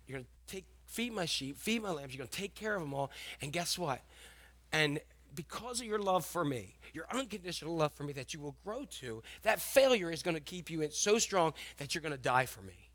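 A man, as a preacher, voices a patient, tender teacher figure in a sermon retelling. He speaks softly and quietly, with a gentle tone. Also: on the high side, very animated, a little fast, dry recording, pitched below the performer's own voice.

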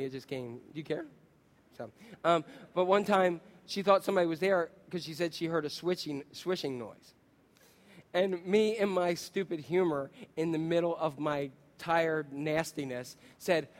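A man preaching a sermon, telling stories with lively acted-out quotes and asking his listeners questions. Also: on the high side. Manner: animated storytelling, acts out quotes, asks the congregation questions. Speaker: pastor.

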